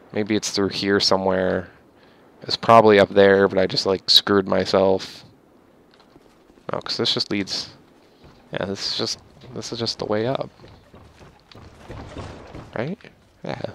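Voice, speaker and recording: Young male gamer, low gravelly voice, rambling play-by-play with sudden mock-furious swearing. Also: a bit bright. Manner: rambling, swears at enemies, mock-angry outbursts. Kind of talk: casual gameplay commentary.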